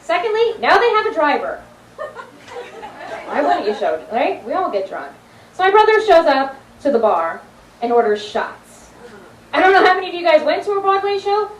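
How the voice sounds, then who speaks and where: A woman's voice: very high voice, sing-song, normal speed, some chatter behind. A young woman telling brash stories with punchlines in a stand-up comedy set on a club stage. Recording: roomy distant club recording. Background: audience laughter and room noise.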